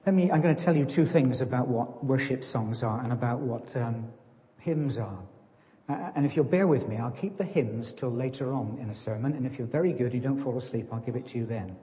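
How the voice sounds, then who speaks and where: A man preaches to his congregation in an easy, conversational way, poking fun at himself. His voice is mellow and relaxed. The sound rings with the long reverb of a church. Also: medium pitch, brisk. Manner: conversational, self-deprecating, plays farmer joke. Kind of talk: sermon.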